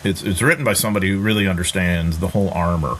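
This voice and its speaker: A man's voice: sits low, quick pace, a little hiss or hum. A man hosting a casual podcast discussion, thoughtful and given to restarting his sentences. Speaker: podcast host.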